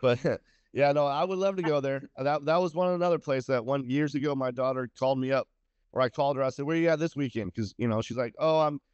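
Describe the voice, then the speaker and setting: A middle-aged guest talks casually in an emphatic, confident way, his voice at an ordinary mid pitch. The sound is dry with no room echo, and the recording is dull and lo-fi. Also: fast talker, a little mellow, smooth. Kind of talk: casual chat.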